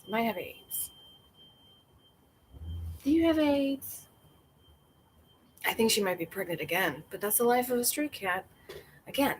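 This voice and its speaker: A woman's voice: a little high, slight background noise. Chatty woman rambling on a livestream. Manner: chatty, rambling, laughs often. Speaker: livestream host. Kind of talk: casual livestream chat.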